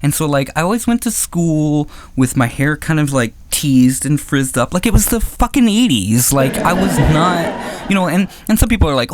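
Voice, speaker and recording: A woman's voice: sits low, moderate pace, background noise. A woman doing a stand-up comedy set, rambling with lots of "like" and "you know" and laughing at her own jokes. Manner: animated, swooping delivery with acted-out quotes.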